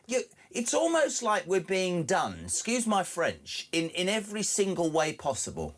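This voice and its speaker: A man's voice: high-pitched, wildly swooping pitch, normal speed. A man hosting a radio phone-in, reading out listener messages and ranting with indignation. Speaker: radio show host. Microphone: studio microphone.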